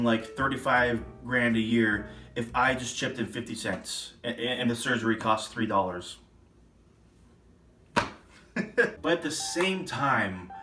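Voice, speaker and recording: A man's voice: mid-range voice, bright, forceful tone, reverberant, distant mic. A man ranting indignantly in a political vlog, sarcastic and getting worked up. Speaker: political vlogger. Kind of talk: ranting commentary.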